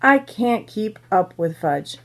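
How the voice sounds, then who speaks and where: A woman's voice: medium pitch, sing-song, takes it slowly. A woman voicing a flustered mother chasing her toddler in a storybook read-aloud, fretful and breathless. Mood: relieved. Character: flustered mother of two young boys.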